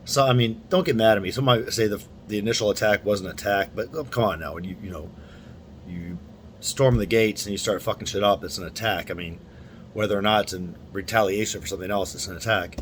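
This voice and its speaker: A man's voice: fairly low pitch, fast, slight background noise. A young man talking to camera in a casual, rambling monologue, full of restarts and asides. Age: young adult. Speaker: vlogger.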